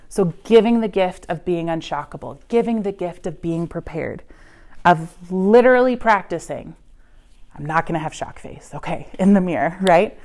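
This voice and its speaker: Woman, student pastor, lowish voice, earnest coaching talk to parents, keeps asking "right?". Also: a little mellow. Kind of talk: church class presentation to parents.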